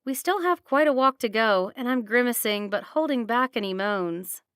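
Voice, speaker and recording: A woman reading a first-person romance audiobook with steady, expressive narration. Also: fairly high pitch, normal speed, smooth, dry recording, clean studio sound.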